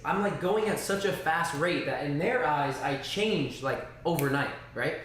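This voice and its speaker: A man talking to his livestream audience in a rambling, animated way, tossing in spoken sound effects as he goes. His voice sits fairly high for a man and rings around a strongly echoing room, with a faint hiss of noise behind it. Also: moderate pace. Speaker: streamer. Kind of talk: casual livestream talk.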